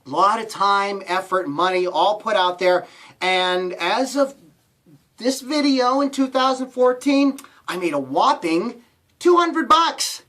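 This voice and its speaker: Animated man pitching to camera. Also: slow. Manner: playful, animated, jokes with squealing put-on voices. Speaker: online business coach. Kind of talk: direct-to-camera motivational vlog.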